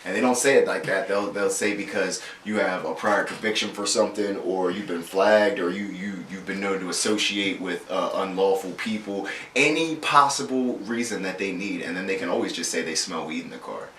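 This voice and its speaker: A man's voice: sits low, moderate pace, hardly any pauses, fairly bright tone. A man hosting a podcast in casual, profane, rambling chat, often saying "you know what I mean". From central Pennsylvania. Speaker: podcast host. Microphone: camera mic. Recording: echoey room, distant mic, faint hiss.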